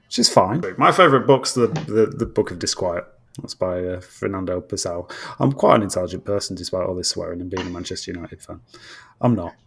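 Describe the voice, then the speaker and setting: Sweary man with a gravelly voice. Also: low-pitched, expressive, a little fast, a bit bright. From England. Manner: sweary, blunt, teasing. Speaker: guest. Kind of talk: casual podcast chat. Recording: remote call audio.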